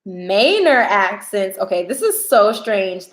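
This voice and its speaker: A woman's voice: mid-range voice, very animated, slow pace, echoey room, poor audio. A young woman, chatting casually with viewers during a tarot livestream. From New York.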